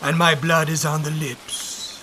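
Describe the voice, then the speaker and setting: A man voicing a broken, bruised cake that answers in a low, faint, half-whispered voice. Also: flat delivery, a little slow, background noise, lightly acted. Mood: weary.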